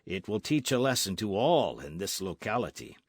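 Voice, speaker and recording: A man voicing a cruel colonial governor who gloats in a low, self-satisfied tone. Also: very animated, moderate pace, husky, no echo. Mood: gloating.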